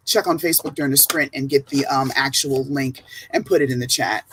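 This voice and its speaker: A woman with a New Jersey accent, a teacher and author guesting on a stream, telling stories in an animated way and laughing often. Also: very deep voice, a little fast, slight background noise, rough recording. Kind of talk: casual live-stream chat.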